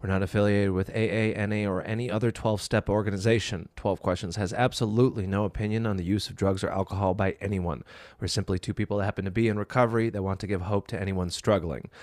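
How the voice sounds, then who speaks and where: A man's voice: lowish voice, steady tone, quick pace, a little mellow, no room sound. Dry, teasing man co-host. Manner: dry, teasing, swears casually. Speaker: podcast co-host. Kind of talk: casual podcast banter.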